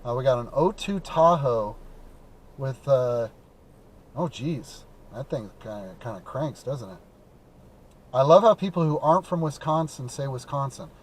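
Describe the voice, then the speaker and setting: A man's voice: medium pitch, expressive, measured pace. A man from the American Midwest hosting a call-in talk show from his car, chatting casually and rambling with lots of fillers and restarts. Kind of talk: casual live-stream chat. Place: in a car while driving.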